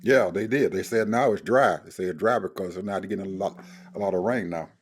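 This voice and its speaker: Deep-voiced man chatting casually. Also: fairly quick, slightly rough. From Georgia, USA. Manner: relaxed, chuckles often, repeats himself. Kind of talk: casual chat.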